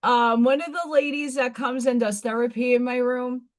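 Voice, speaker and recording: A woman's voice: a little high, fairly even intonation, moderate pace. Blunt rambling woman, faded New York accent. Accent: faded Staten Island New York. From Staten Island, New York. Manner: blunt, rambling, frequent restarts. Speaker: livestream host. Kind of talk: casual live-stream chat.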